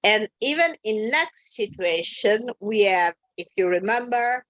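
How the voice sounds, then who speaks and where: A woman, an English teacher leading an online lesson, who talks slowly and haltingly with many fillers. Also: mid-range voice, lively intonation, a bit bright, dry recording, muffled recording.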